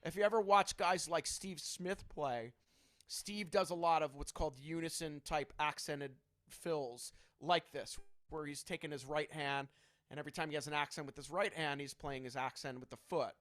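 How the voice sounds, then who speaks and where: A man's voice: on the high side, steady tone, moderate pace, fairly bright tone, dry recording. A man teaching a drum clinic in a casual, chatty way, checking in often with his students. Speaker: drum instructor.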